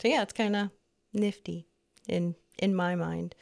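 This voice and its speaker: A woman's voice: lowish voice, fairly even intonation, a little slow, creaky, a little mellow. A woman in her fifties co-hosting a podcast, chatting in a rambling, easygoing way and laughing often. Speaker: podcast co-host. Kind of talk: casual chat.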